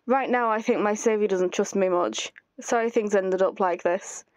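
A woman's voice: medium pitch, normal speed, no echo, voice pushed down, natural voice. A woman reading aloud the chat lines of an anxious, self-blaming young man who pleads not to be left. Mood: pleading. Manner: pleading, apologetic.

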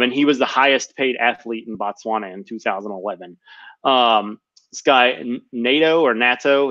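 A man's voice: mid-range voice, sharp tone, no room sound. Rambling man on a dull, dry podcast mic. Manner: rambling, lots of ums and self-corrections. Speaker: podcast host. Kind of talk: casual chat.

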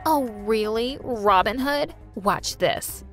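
A woman's voice: a little high, lively intonation, takes it slowly, faint music behind. A woman voicing a cruel, bossy teenage girl who rules the school, talking down to others with a sneer.

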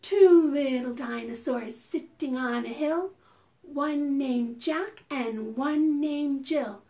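A woman children's librarian leading preschool storytime. Her voice sits high and she speaks slowly and deliberately, with animated, sing-song chanting of rhymes and picture-book narration.

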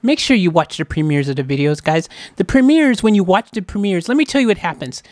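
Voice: mid-range voice, big pitch swings, a little fast, darkish tone, no room sound. A music reaction host in casual commentary, joking and teasing the viewers in a playful way. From United States.

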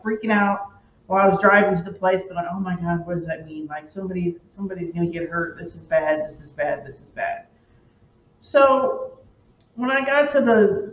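Chatty woman heard from across an echoey room. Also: medium pitch. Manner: chatty storyteller, dramatizes her worries. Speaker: tarot channel host. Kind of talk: casual talk to camera. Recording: roomy, distant, dull lo-fi sound.

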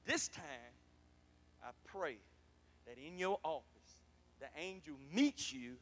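A man preaching a prophetic sermon to a congregation in a church, calling for responses and repeating his lines, dropping to soft murmurs and then rising to loud exclamations. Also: fairly high pitch, very animated, slow. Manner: emphatic, repetitive, swings between soft murmurs and loud exclamations. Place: church sanctuary.

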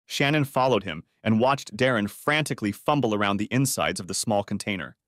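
A man's voice: on the low side, a little fast, fairly bright tone, dry recording. A man narrating a dramatic audiobook story in a scripted reading, on a close studio mic.

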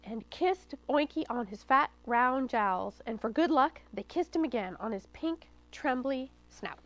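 A woman, a children's librarian, reading a story aloud at storytime in a lively, expressive way. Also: sits high, a little slow, poor audio. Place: studio taping for local cable TV.

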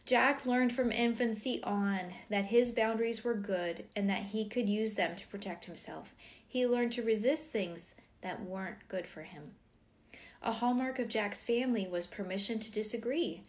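A middle-aged woman reads a parenting book aloud in a steady, even voice. Her pitch sits right in the middle of the range. Now and then she slips into warm, animated asides. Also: moderate pace. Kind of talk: reading aloud with personal asides.

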